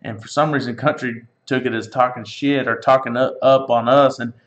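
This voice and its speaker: A man's voice: medium pitch, fairly even intonation, moderate pace, fairly bright tone. A man in his thirties hosting, telling a joking, profane story. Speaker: podcast host. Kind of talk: casual storytelling chat. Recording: echoey room, dull lo-fi sound.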